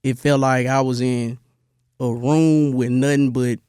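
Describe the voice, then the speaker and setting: A young man from Memphis, telling his army stories in a relaxed interview, with a lot of "bro" and many restarts. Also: mid-range voice, unhurried, clean tone, no echo, clean studio sound. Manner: laid-back storytelling, lots of "bro" and restarts. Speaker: interview guest, army veteran. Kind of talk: casual interview.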